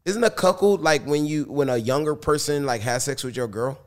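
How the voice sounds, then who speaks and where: A man's voice: a little high, normal speed. A man as a guest on a casual interview show, laid-back, laughing easily and talking in loose slang.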